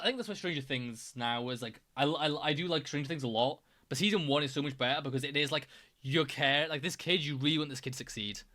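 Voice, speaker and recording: Chatty man with a fairly high voice. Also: pushed and bright. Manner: enthusiastic, rambling with restarts. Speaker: streamer reacting to videos. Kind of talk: casual chat.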